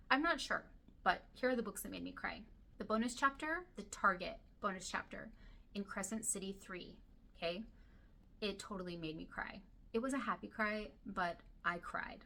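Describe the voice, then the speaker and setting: A book vlogger with a medium-pitched voice chats casually to camera about books she loves, gushing and at times dropping to a soft whisper. Her throat sounds dry and irritated.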